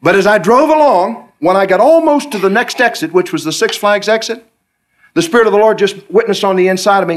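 Animated Southern preacher man. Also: a little fast. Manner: storytelling, acts out dialogues with the Lord, pitch swooping high on questions. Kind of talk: sermon.

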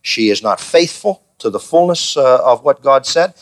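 A man's voice: medium pitch, animated, normal speed. A man leading a Bible study class, putting questions to the group and acting out the lines he quotes. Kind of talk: teaching a small class.

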